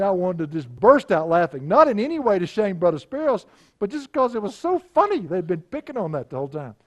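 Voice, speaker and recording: A middle-aged man, a pastor, telling folksy anecdotes in a conversational sermon and chuckling now and then. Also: high-pitched. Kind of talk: storytelling sermon.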